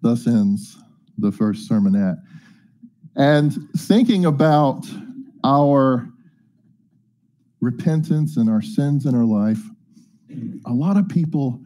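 A man's voice: medium pitch, dark tone. Folksy man preaching a sermon. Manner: folksy, chatty, jokes and asides. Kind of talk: casual sermon with scripture reading.

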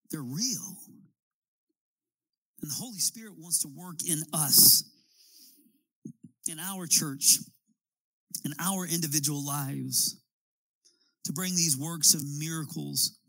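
A man's voice: a little high, slow pace, long pauses, bright, forceful tone, dry recording, low-quality recording. A man preaching a sermon as a pastor, building his points with emphatic, rising appeals.

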